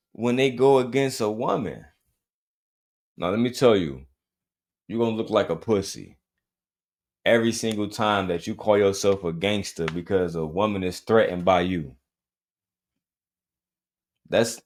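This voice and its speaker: A man with a fairly low voice delivers reaction commentary as a show host. He talks bluntly, swears freely and uses street slang, repeating his points for emphasis.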